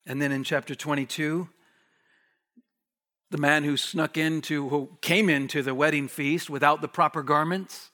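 A man preaching a sermon as a pastor, swinging from hushed near-whispers to raised, urgent lines and repeating words for emphasis. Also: fairly high pitch, fairly even intonation, normal speed.

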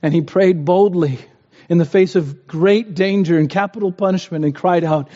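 Earnest high-voiced preacher in a hall. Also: male voice, moderate pace, dark tone. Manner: earnest, rising to impassioned pleas. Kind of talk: sermon. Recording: dull, roomy hall sound.

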